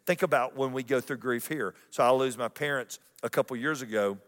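Man preaching in a reverberant sanctuary. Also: medium pitch. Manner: dramatic swings between loud emphasis and hushed intimate lines; repeats key phrases slowly for emphasis. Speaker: pastor. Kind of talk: sermon. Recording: long hall reverb.

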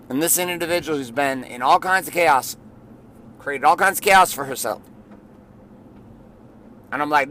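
A middle-aged man giving an intense, blunt motivational monologue, swearing often and rising at times to shouting. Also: fairly high pitch, moderate pace, pauses often. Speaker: motivational podcast host.

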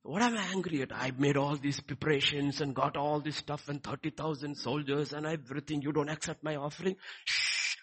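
A man preaching, acting out a remorseful king who drops to hushed whispers. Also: on the high side, steady tone, a little fast, hardly any pauses, breathy edge. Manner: hushed, some whispered lines.

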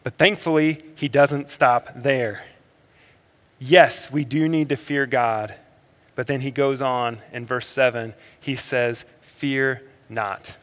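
Preacher with a lively, ringing delivery. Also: male voice, medium pitch. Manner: swings between energetic emphasis and quiet, slow reflection. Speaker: pastor. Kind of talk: sermon. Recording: long hall reverb.

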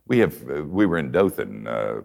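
An older man preaching a conversational sermon, telling folksy stories and swinging from soft asides to emphatic points. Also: rumbling low, sing-song, moderate pace, vocal fry.

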